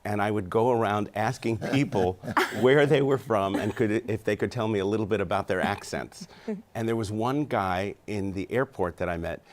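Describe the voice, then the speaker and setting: A man's voice: on the low side, moderate pace. A man in his fifties, a Broadway actor in a studio interview, chatty and self-deprecating, often laughing. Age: 50s.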